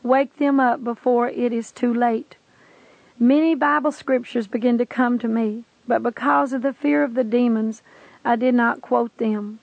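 A woman's voice: fairly high pitch, creaky, darkish tone, no room sound, rough recording. Earnest woman narrating a dramatic testimony. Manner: earnest, intense storytelling.

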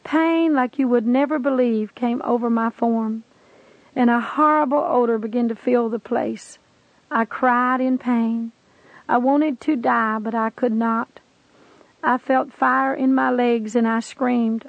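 Woman narrator, earnest and intense testimony, higher voice, dry and close. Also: fairly even intonation, measured pace, vocal fry, no room sound, rough recording.

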